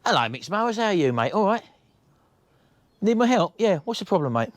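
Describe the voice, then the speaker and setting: Brief: cheerful teasing man, slightly high, dry close sound. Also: big pitch swings, fairly quick, no room sound. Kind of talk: comic phone call.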